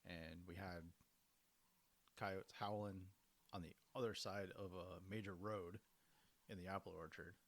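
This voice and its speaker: A man co-hosting a casual hunting podcast, telling stories in a steady, laid-back way with short agreeing replies. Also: low voice, measured pace, pauses often. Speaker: podcast co-host. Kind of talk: casual chat.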